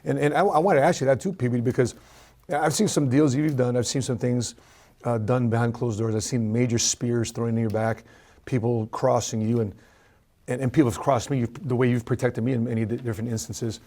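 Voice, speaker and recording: A man's voice: medium pitch, steady tone, a little fast, dark tone. Man, podcast host, casual interview, rambling questions, restarts.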